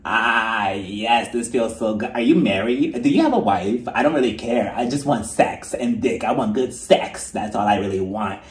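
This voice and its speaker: A man voicing a sex-obsessed middle-aged woman in a slow, breathy, drawling purr. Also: fairly low pitch, animated, reverberant, voice pushed down, close to an everyday voice. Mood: flirty.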